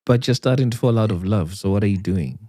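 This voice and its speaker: Man host, very low voice, short probing questions, dry sound. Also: fast talker, mellow, dry recording. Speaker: podcast host. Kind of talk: casual interview chat.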